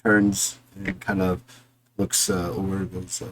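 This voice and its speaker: Game master, male, low voice, halting delivery with restarts, live tabletop session. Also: level tone. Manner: hesitant, many restarts and fillers; puts on quick voices for soldiers.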